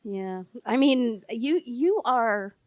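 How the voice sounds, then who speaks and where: A woman hosts a casual interview podcast and tells her stories with lively energy, slipping into little voices for the people she quotes. The sound is close and dry, with almost no room echo. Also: on the high side, very slow, dull audio. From lives in New Mexico. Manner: animated storyteller, acts out quoted voices, laughs often. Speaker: podcast host.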